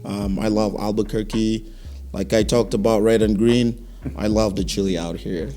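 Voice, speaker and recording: A man from Cameroon, a fashion business owner talking as a guest in a casual interview, friendly and measured with some hesitation. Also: lowish voice, steady tone, warm tone. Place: local talk show studio.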